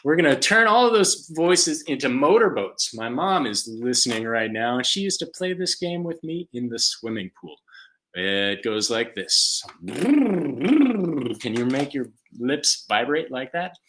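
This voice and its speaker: A man leading a live online music class for young children at home, chanting and singing in a slow call-and-response style. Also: medium pitch, very animated, fairly bright tone. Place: home room.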